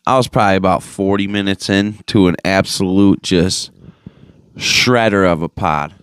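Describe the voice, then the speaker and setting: A man's voice: moderate pace, smooth, dry recording, clean studio sound. A young man hosting his podcast alone, ranting in a casual, profane, rambling way with plenty of fillers, recorded on a phone mic. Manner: mocking high-pitched impressions of others. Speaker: podcast host. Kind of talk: casual solo podcast rant.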